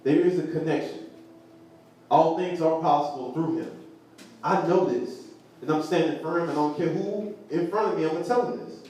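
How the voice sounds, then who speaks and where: A man teaching the Bible to a group, animated and laughing, often asking the crowd questions. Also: fairly high pitch, moderate pace. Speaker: preacher. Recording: echoey room from far off, faint noise.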